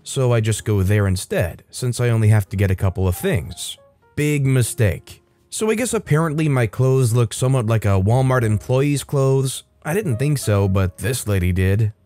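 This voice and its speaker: A man reads reddit stories aloud as the channel's host, in a scripted, lively delivery. His voice sits at an ordinary middle pitch, and he jumps up in pitch whenever he plays a quoted line. Quiet music plays behind him. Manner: lively, acts out quoted lines with shifts in pitch. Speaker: narrator reading reddit stories. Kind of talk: scripted storytime narration.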